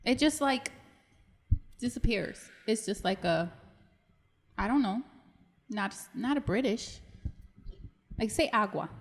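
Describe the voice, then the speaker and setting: A woman's voice: fairly high pitch, animated, slow pace, pauses often, big-room sound. A woman in her thirties co-hosting a podcast, teasing and laughing in casual chat. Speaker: podcast co-host.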